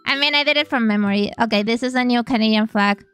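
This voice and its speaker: A woman's voice: a little high, fast, fairly bright tone, smooth, faint music behind. A woman streamer who speaks natively, chatting casually and playfully on a live stream, swearing freely as she goes.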